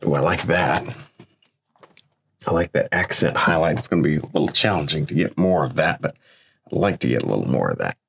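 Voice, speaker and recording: Low husky man demonstrating painting. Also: fairly quick, long pauses. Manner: relaxed, thinks aloud, encouraging. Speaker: painting instructor.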